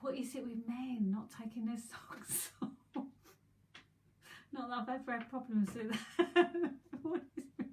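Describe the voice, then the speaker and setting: A woman's voice: on the high side, a little slow, a little mellow, a little hiss or hum, rough recording. A woman in her fifties from England, chatting and giggling her way through a live psychic reading with rambling asides. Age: 50s. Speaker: psychic medium.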